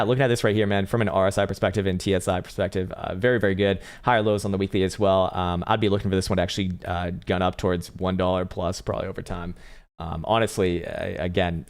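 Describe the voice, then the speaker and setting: A man hosting a casual crypto trading livestream, chatty and profane, reading chat and laughing often. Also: low voice.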